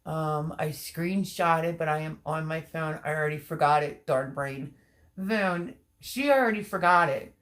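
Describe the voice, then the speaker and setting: A woman's voice: low-pitched, fairly even intonation, unhurried. A woman hosting a casual gardening livestream, reading viewer comments aloud, her voice strained from laughing and crying. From Pennsylvania. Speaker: livestream host.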